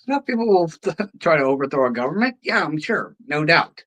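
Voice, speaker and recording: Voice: mid-range voice, very animated, brisk, fairly bright tone, rough recording. A host ranting about politics, heated and profane, firing off sarcastic rhetorical questions.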